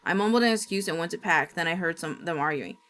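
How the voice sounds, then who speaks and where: A woman streamer reading a horror story aloud in steady, dramatic narration. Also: lowish voice, fast.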